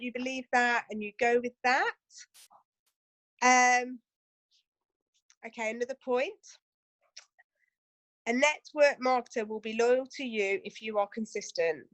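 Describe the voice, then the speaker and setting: A woman's voice: a little high, fairly even intonation, unhurried, long pauses, fairly bright tone, no echo. Chatty woman giving team training. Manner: chatty, full of asides and rhetorical questions. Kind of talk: casual training talk to a team.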